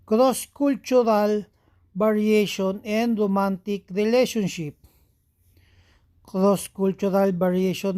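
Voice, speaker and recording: A woman's voice: mid-range voice, darkish tone. A woman teacher from the Philippines with a Filipino accent, reading lecture points aloud and repeating each one as if dictating. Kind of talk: slow reading of lecture notes.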